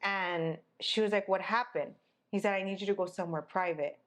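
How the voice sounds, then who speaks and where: Picture a young woman co-hosting a casual podcast, telling her story with a lot of drama. Her voice sits at an ordinary middle pitch, and she acts out every person she quotes. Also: fairly quick. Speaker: podcast co-host.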